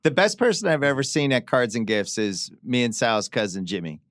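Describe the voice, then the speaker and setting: A man's voice: mid-range voice, big pitch swings, a bit bright, no echo. Wry middle-aged man hosting a podcast. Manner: wry, dry humor, quick asides. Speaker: podcast host. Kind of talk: casual chat.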